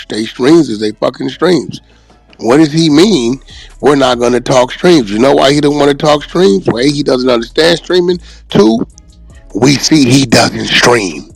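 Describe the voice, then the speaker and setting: A man hosting a reaction show stops the clip to argue his point, blunt and profane. His voice is mid-pitched and sounds close and dry, with faint music behind. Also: gravelly, husky, dry recording. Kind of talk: confrontational commentary.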